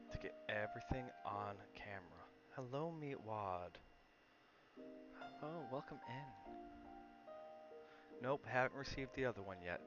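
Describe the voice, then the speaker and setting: Low-voiced man chatting on a stream. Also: highs cut off. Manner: coaxing, chatty, talks to his dog and to viewers. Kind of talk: casual live-stream chat and reading aloud.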